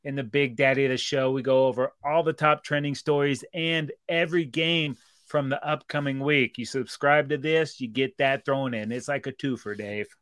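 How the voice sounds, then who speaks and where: A man's voice: medium pitch, fairly even intonation, moderate pace, few pauses, a bit bright, dry recording. A man co-hosts a sports podcast in loose, joking banter, playful and teasing. His voice is recorded close and dry, with no room sound. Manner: playful, jokey, calls people baby. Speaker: podcast co-host.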